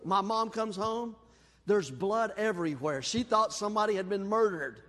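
Guy preaching in a church, real high voice, folksy story-telling, long echo off the hall. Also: normal speed. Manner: folksy storyteller, animated and self-deprecating. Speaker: pastor. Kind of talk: sermon with personal story. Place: church sanctuary.

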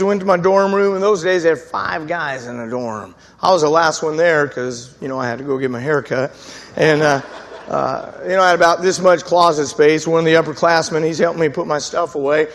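A man preaching, telling his testimony as a lively story, acting out the voices of the people in it. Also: fairly high pitch, moderate pace, gravelly, big-room sound. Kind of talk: storytelling sermon.

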